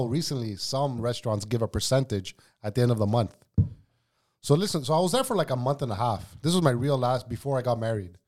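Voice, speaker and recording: This man is a former cook who tells animated stories on a podcast. He swears freely and drops "bro" into his sentences. His pitch sits at an ordinary middle level for a man. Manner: profane, slangy, says "bro" often; animated anecdote-teller. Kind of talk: casual storytelling chat.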